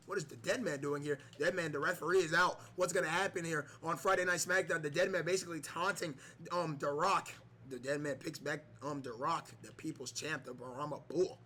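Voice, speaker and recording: A man giving excited play-by-play commentary on a wrestling video game match, repeating the wrestlers' nicknames and yelling at the big moves. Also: fairly high pitch, fairly quick.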